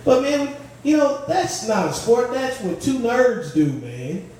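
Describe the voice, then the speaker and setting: A young man does a stand-up set in a comedy club, his fairly high voice mellow and unhurried as he spins stories. He sounds a little sweaty from working the stage. The mic sits far from him, so the room rings with heavy echo. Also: lively intonation, a little hiss or hum. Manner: laid-back storytelling with frequent "man". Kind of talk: stand-up routine.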